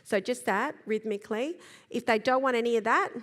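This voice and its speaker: A middle-aged woman giving a calm, gentle talk on parenting to a live audience, pausing to demonstrate slow breaths and sighs. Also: a little high. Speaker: parenting speaker. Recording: long reverb of a large hall.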